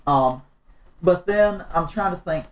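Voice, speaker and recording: Higher-voiced rambling podcast guy. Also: takes it slowly, a little hiss or hum, rough recording. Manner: rambling, repeats himself. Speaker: podcast co-host. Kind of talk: casual chat.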